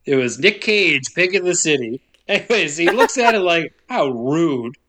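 A man with a bright, slightly high voice tells a movie story for a podcast. He acts out the characters' lines with playful, swearing humor. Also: lively intonation, moderate pace. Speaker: podcast co-host. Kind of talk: casual movie recap chat.

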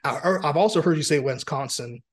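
A man's voice: fairly high pitch, fairly quick. A man hosting a podcast in a casual, playful chat, teasing his guest and often repeating himself. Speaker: podcast host.

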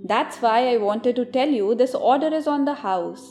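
A woman's voice: fairly high pitch, normal speed, darkish tone, soft background music, close to an everyday voice. A woman voicing a cheerful, kind young barista with a bubbly way of talking in an audiobook story. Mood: peppy.

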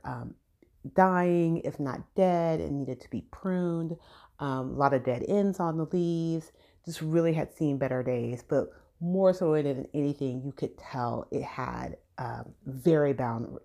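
Chatty Southern California woman, low voice, casual storytelling, plays out quotes. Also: slow pace, mellow. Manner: chatty, acts out quoted dialogue. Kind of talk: casual personal anecdote.

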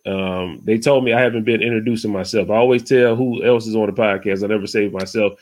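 A man's voice: lowish voice, fairly even intonation, fast talker, a little mellow. A man hosting a podcast in loose, rambling casual chat, peppered with "you know what I'm saying" and getting heated when he rants. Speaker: podcast host.

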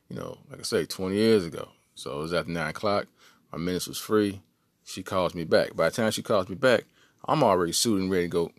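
Man, low pitch, dry close sound, laid-back slangy storyteller, podcast co-host. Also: dry recording. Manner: laid-back, slangy, puts on high voices for quoted people. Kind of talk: casual storytelling.

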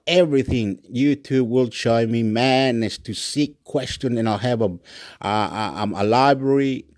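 A man's voice: mid-range voice, darkish tone, no echo. A man hosting his own channel, rambling in a repetitive solo monologue recorded on a phone. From Australia. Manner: rambling and repetitive, loops phrases. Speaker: channel host. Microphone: phone recording app.

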